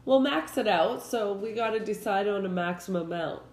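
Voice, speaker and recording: A woman's voice: medium pitch, fairly quick, darkish tone. Playful arguing woman, echoey room. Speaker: podcast co-host. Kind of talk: casual bickering chat. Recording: echoey room, faint background noise.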